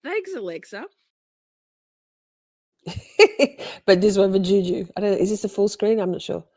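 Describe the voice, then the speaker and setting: A woman's voice: medium pitch, flat delivery, a little fast, dark tone, no room sound. A woman hosting a casual livestream, chatting with playful mock outrage and frequent laughter. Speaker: livestream host.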